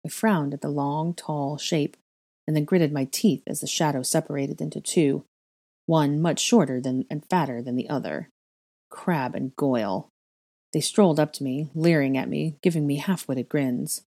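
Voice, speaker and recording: Low-voiced woman reading a story. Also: moderate pace. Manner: expressive storytelling. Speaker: narrator. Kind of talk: fan fiction reading.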